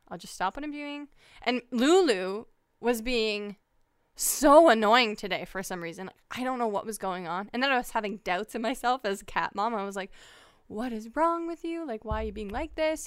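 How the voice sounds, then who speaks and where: A young woman co-hosting a podcast, telling a story in lively casual chat, swearing and acting out her own outbursts. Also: medium pitch, clear, resonant tone, dry recording, clean studio sound. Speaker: podcast co-host.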